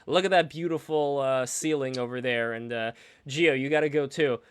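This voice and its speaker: A man's voice: medium pitch, normal speed, a loud crowd. A man hosting a casual online stream, rambling between topics and reading out viewer donations. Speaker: stream host.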